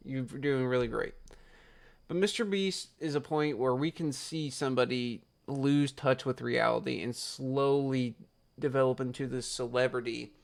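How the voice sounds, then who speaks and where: A young man with a gravelly, creaky voice rants into his camera late at night. He rambles, gets worked up and swears freely, talking casually to his viewers. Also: medium pitch. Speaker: YouTuber.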